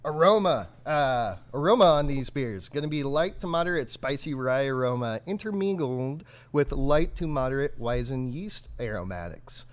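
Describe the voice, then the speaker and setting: A man co-hosting a live brewery stream, chatting casually and excitably with many fillers and laughs. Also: mid-range voice, moderate pace, few pauses. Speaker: brewery livestream co-host.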